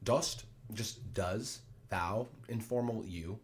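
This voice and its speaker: A man's voice: lowish voice, animated, moderate pace. A man teaching a play line by line, reading quoted lines in raised voices and then explaining them plainly.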